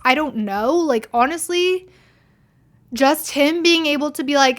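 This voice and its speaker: A woman's voice: sits high, moderate pace. A young woman hosting a podcast, telling a personal story in a blunt, indignant way, full of swearing and "like". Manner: blunt, heavy swearing, frequent "like"; indignant, venting. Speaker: podcast host. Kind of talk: casual storytelling monologue.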